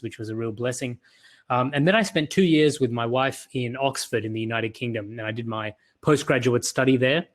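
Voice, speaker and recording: Australian man giving an earnest talk. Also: mid-range voice. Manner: earnest, storytelling delivery. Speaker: conference speaker. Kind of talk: virtual conference talk.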